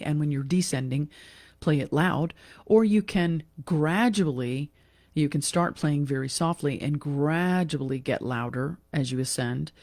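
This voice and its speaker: A woman giving a casual online piano lesson, talking in a relaxed, chatty way with fillers and self-corrections. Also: low voice, no room sound, clean studio sound. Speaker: piano teacher. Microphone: computer mic during a screen share.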